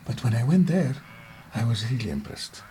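Halting man guest. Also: medium pitch, big pitch swings, warm tone, faint music behind. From Egypt. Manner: halting, searching for words. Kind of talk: casual interview chat.

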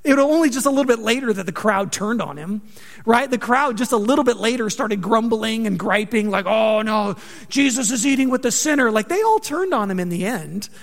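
A man preaching a sermon, conversational and joking, with animated delivery. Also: high voice, fairly quick, creaky, big-room sound. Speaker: pastor.

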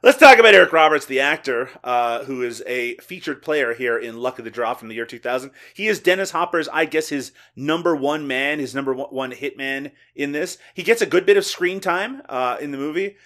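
A man hosting a casual podcast chat, enthusiastic and quick to laugh. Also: mid-range voice, a bit bright. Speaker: podcast host.

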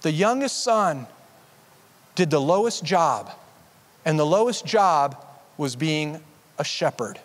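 A man's voice: fairly high pitch, lively intonation, takes it slowly, long pauses, long reverb tail. A pastor preaching a sermon in an earnest, conversational way, often restarting his sentences. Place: church sanctuary.

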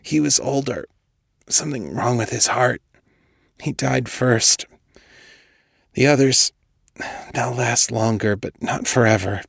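A man voicing a frail, sickly young man who rasps and whispers in short, halting, strained phrases. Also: mid-range voice, fairly bright tone, no room sound, studio quality, voice pushed up, full character voice. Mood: weak. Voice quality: raspy, breathy whisper. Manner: strained, halting, forced through the teeth.

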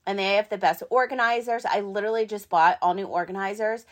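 A woman in her thirties hosting her own podcast, talking in a chatty, excitable, rambling way with lots of fillers. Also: mid-range voice, fast talker. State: hiccups. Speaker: podcast host. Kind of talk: casual solo podcast talk.

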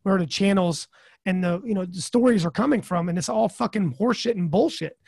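High, gravelly, swearing podcast host. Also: male voice, brisk, a little mellow, no echo, studio quality. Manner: blunt, swears freely, rambling asides. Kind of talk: casual podcast chat.

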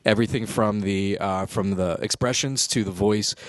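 Casting: low-ish man, easygoing and agreeable, dry close recording. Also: fairly even intonation, moderate pace, no echo. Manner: agreeable, chuckling. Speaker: podcast co-host. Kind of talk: casual film review chat.

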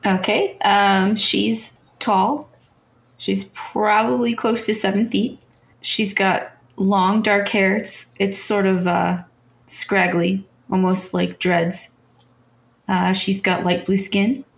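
Jogadora de voz rouca e lenta. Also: female voice, mid-range voice, level tone, takes it slowly, gravelly. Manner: hesitant, with fillers. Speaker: player. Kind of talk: tabletop game play.

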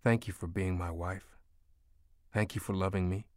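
A man as a gentle, tender husband. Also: low-pitched, steady tone, no room sound, studio quality, lightly acted. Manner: soft, slow, gentle. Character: tender husband at his dying wife's bedside. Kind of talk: audiobook character voice.

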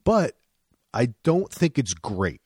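A man's voice: mid-range voice, slow, breathy edge, no room sound. Guy cohosting a podcast, swears a lot, voice jumps all over, dry close sound. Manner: animated, profane, restarts often. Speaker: podcast co-host. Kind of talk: casual chat.

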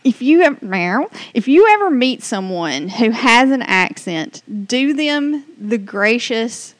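Slow and sing-song, this slightly high female voice carries a Southern US accent as she hosts an unscripted podcast. She rambles chattily and keeps restarting her sentences, with no echo on the recording.

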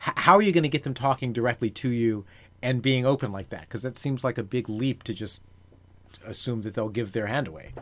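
A man's voice: medium pitch, fairly quick. Man asking long rambling questions. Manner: rambling, self-correcting questions. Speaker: podcast host. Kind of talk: interview questions.

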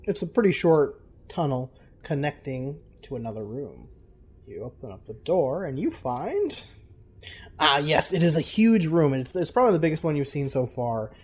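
Laughing young game master. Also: male voice, fairly high pitch, very animated, moderate pace, darkish tone, slightly rough. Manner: casual, laughs often. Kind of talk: narrating a tabletop game.

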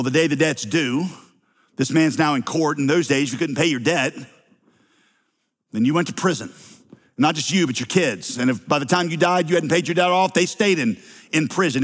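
Animated pastor in a reverberant hall. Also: male voice. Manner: storytelling, acts out characters with big pitch swings. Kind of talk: sermon.

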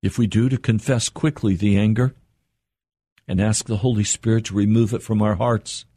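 An older man preaching an earnest radio sermon, his voice climbing higher as he presses a point. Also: steady tone, normal speed, dark tone, husky, no room sound. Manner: earnest, rising in pitch for emphasis and quotes.

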